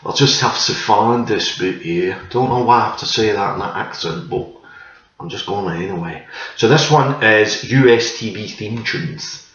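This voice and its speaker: Rambling male quiz host, low voice. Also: moderate pace, a bit bright, reverberant, recorded from a distance, dull audio. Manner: chatty, meandering, self-correcting. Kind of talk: casual rambling quiz hosting.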